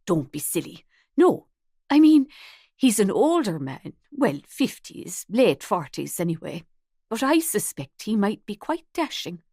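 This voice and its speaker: A woman reading as a sharp-witted older lady who owns a seaside guest house, talking in a brisk, wry way. The voice sits in an ordinary middle pitch and sounds close and dry, with no room around it. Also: very animated, husky, no room sound, exaggerated voice.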